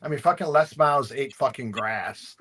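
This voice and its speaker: A man's voice: medium pitch, moderate pace, a bit bright, a little hiss or hum. A man co-hosting a sports talk show, ranting heatedly and swearing often. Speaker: podcast co-host.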